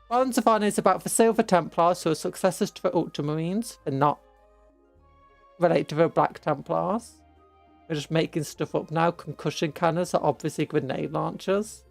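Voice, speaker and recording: Young British woman streamer, lowish voice, dry close sound, chatty and rambling, faint music under her. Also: gravelly, no echo. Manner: rambling, animated retelling of a story with asides. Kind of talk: casual chat while playing a game.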